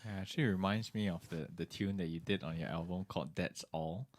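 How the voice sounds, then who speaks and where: A man's voice: deep voice, fairly quick, no room sound. A man hosting a live stream from a studio, chatting casually with many fillers and reading out viewer comments.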